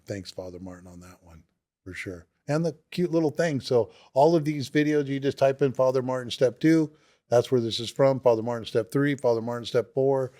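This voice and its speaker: A man's voice: mid-range voice, a little mellow. A man co-hosting a sobriety podcast, talking in an enthusiastic, rambling way. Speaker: podcast co-host. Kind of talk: casual recovery podcast talk.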